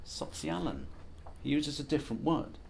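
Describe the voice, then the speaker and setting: A man's voice: mid-range voice, lively intonation, brisk, slight background noise. A man giving a conference presentation as an academic, lecturing in a wry, self-deprecating, conversational way. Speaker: academic speaker.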